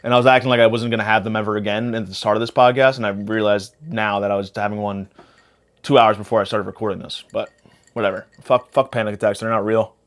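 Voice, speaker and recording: Young man, podcast host, rapid talk, swearing, scattered and spacey, comic rant. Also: on the low side. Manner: profane, rambling, jumps between topics. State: spacey after a panic attack. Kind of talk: rambling comedic monologue.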